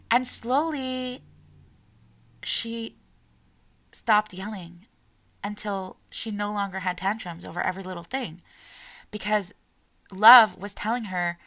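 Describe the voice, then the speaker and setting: Bright-voiced emotional mother sharing her story. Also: mid-range voice, a little slow, long pauses. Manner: earnest and emotional, voice softening as she tears up. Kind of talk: heartfelt personal talk.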